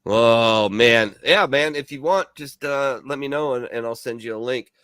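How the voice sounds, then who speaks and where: A man's voice: medium pitch, normal speed, sharp tone, no echo, clean studio sound. Rambling, profane man telling stories. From Milwaukee, US. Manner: rambling, profane storytelling with many fillers. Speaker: veteran co-host of a bar-themed radio show. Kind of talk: casual podcast chat.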